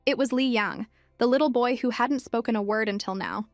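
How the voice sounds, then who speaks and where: A woman with a somewhat high voice reads a story recap as scripted narration. Her delivery is even and steady. The recording is dry and close, with faint music running underneath. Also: brisk, dry recording.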